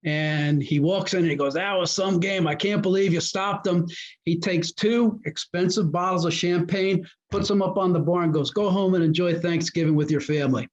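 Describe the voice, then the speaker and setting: The guest, a New Jersey native and former high school football coach, shares stories from the past at a moderate clip, animatedly voicing the people he quotes. It's a casual interview captured in muffled, lo-fi sound.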